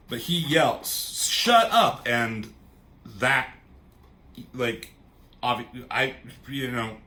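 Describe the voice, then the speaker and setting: A man reviews a comic in a loose, rambling, easygoing style, swearing as he goes. His pitch sits in an ordinary middle range. A faint noise hums behind him. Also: bright, forceful tone. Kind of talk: casual comic book review.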